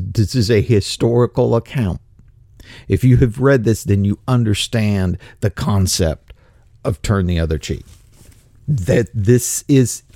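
Animated folksy man explaining scripture. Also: lowish voice, dry recording, clean studio sound. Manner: folksy, colloquial, frequent restarts. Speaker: Bible teacher. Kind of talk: casual Bible commentary.

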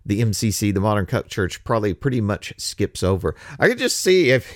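A man preaching a casual sermon, wry and animated, slipping from scripture into slangy paraphrase. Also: fairly low pitch, a little fast, no room sound, clean studio sound.

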